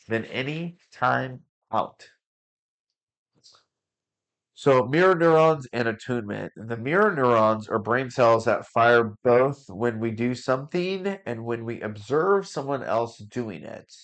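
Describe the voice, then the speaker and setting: A male parent coach hosts his podcast in a relaxed, casual way. He uses fillers and trips over names now and then. His voice sits at a middle pitch.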